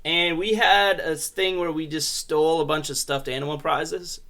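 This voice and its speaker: A man's voice: a little high, steady tone, normal speed, pushed and bright. A young adult man hosting a casual comedy podcast, telling rambling, profane stories with laughs. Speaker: podcast host.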